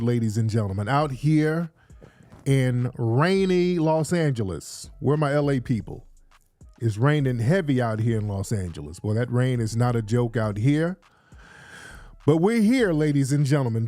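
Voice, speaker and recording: A man's voice: mid-range voice, dark tone, dry recording. A man hosting a casual livestream, chatty and hyping, often repeating his phrases, recorded indoors on a studio mic. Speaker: show host. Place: indoors in Los Angeles.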